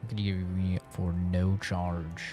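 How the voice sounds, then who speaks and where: A man's voice: sits low, level tone, takes it slowly, warm tone, soft background music. A man streaming live gameplay, joking around and swearing playfully.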